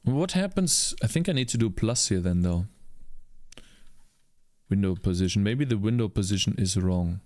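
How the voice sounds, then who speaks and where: Lively, muttering male game developer. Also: lowish voice, moderate pace, long pauses, dry recording. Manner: mutters to himself, frustrated outbursts and swearing. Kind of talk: live coding commentary.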